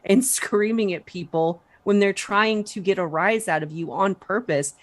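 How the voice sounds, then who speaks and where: A woman's voice: medium pitch, moderate pace. A woman, a panelist in a heated online interview, who speaks bluntly, swears freely and scolds the guest.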